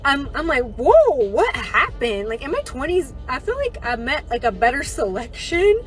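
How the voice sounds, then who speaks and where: A woman's voice: sits high, sing-song, normal speed, a bit bright, rough recording. Candid rambling woman in her thirties. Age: 30s. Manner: candid, rambling, frequent "like" fillers. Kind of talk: casual vlog rant.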